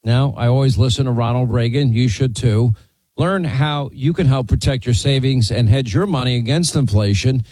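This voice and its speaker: Dark-voiced talk radio host, man. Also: moderate pace, no room sound. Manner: emphatic, pitching.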